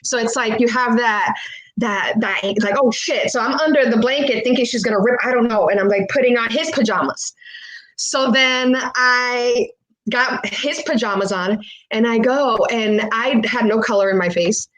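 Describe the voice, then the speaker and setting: A woman's voice: a little high, moderate pace, a bit bright, rough recording. Frank, profane woman telling a story. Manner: switches between English and Spanish. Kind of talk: live personal storytelling.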